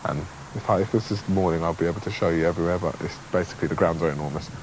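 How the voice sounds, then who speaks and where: A man's voice: low voice, very fast. A young man with a chatty, rambling manner gives a casual handheld video tour, recorded on a camcorder mic. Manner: chatty, rambling, playful asides. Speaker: contestant filming a video diary. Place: large house indoors and on a balcony. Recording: faint hiss.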